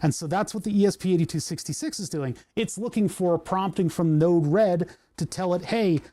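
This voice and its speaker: Hiccuping as he tinkers in an indoor workshop, a maker streaming his project chats casually, rambling and amused at himself. His high-pitched voice has a dark tone and fairly quick pace, caught on a lapel microphone with no room sound.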